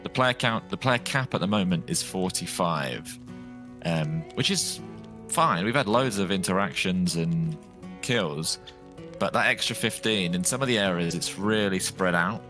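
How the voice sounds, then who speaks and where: A man's voice: low voice, expressive, unhurried, sharp tone, soft background music. A man chatting casually while streaming a survival game, rambling and lightly joking. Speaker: gaming streamer. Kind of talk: casual live gameplay chat.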